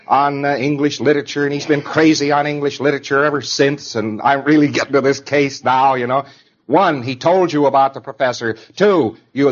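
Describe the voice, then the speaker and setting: A man's voice: medium pitch, dull audio. A man giving an informal lecture in a conversational, digressive way, now and then acting out example voices.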